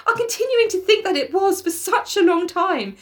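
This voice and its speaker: A woman's voice: extremely high pitch, expressive, moderate pace, pitched above the performer's own voice. A woman voicing a tearful, desperate young sister, reading her lines aloud in an earnest, urgent, pleading way.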